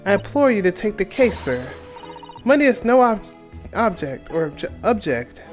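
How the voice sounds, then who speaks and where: A man's voice: high voice, big pitch swings, normal speed, faint music behind, pitched above the performer's own voice. A man voicing a refined, mannered English lady client, reading game dialogue aloud with dramatic pleading. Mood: pleading, genteel.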